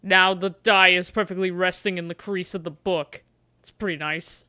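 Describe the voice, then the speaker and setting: A woman's voice: lowish voice, fairly even intonation, moderate pace, pushed and bright, no echo. A woman streamer playing a gamebook on a livestream, chatting playfully and coaxing the dice.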